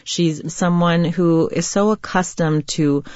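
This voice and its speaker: A woman's voice: on the low side, steady tone, slow, darkish tone, no room sound. Reflective woman novelist, dry close sound. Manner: reflective, earnest, searching for words. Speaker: novelist, interview guest. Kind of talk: reflective interview answers. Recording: slightly dull lo-fi remote sound.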